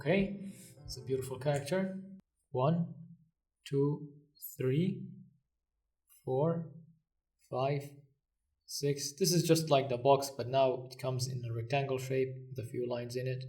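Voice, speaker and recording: Guy giving a language lesson, repeats stuff slow and patient, mic kinda far away. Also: mid-range voice, steady tone, dark tone, faint music behind. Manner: patient, repeats each phrase slowly then translates. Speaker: language teacher.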